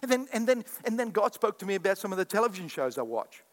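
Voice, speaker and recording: A man's voice: sits high, big pitch swings, quick pace, a bit bright. A man preaching a sermon to a congregation, acting out quoted voices and calling back to the crowd. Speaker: pastor. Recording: echoey hall with long reverb.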